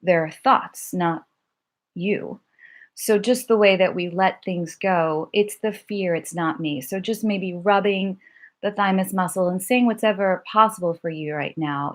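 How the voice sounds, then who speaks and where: A woman teaching mindfulness exercises, speaking softly and gently, slowing down to lead calm repeated mantras. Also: lowish voice. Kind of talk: guided mindfulness instruction.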